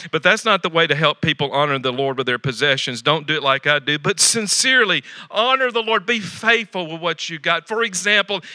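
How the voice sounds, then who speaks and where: Male pastor, folksy sermon delivery with repeated emphatic phrases; high, very bright tone, dry recording. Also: no echo. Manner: swings from loud exhortation to quiet asides.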